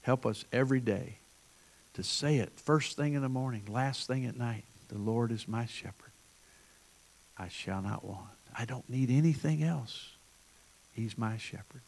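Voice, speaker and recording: A man pastor preaching a sermon, building emphatic repeated refrains and then praying softly. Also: mid-range voice, unhurried, creaky.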